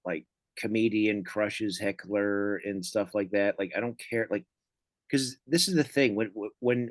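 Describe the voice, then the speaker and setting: A man, a comedian, telling stories in casual chat, rambling with lots of fillers and quoting people in lively voices. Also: mid-range voice, no room sound. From Michigan. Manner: rambling, animated storytelling with many fillers. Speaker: comedian guest.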